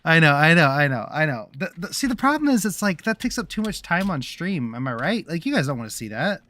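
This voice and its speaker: A man's voice: fairly high pitch, big pitch swings, a little fast, bright, forceful tone. A man livestreaming a game and chatting to his viewers in a rambling, casual way, restarting his sentences often. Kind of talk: casual gameplay commentary.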